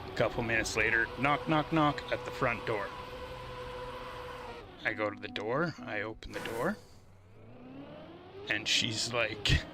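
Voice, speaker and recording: Slow-talking male streamer with background noise. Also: on the low side. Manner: animated, laughing, acting out quotes. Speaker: livestream host. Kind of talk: casual storytelling on a game stream.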